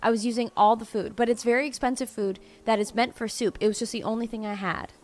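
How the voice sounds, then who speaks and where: A woman's voice: fairly high pitch, steady tone, fast talker. A woman streamer in casual chat with her viewers, playful, laughing and swearing freely.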